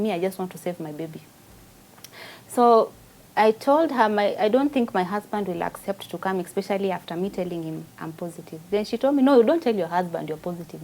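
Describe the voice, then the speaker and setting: A woman's voice: mid-range voice, creaky, a little mellow, rough recording. A woman with a Kenyan accent, a guest giving an emotional personal testimony and mixing Swahili with English.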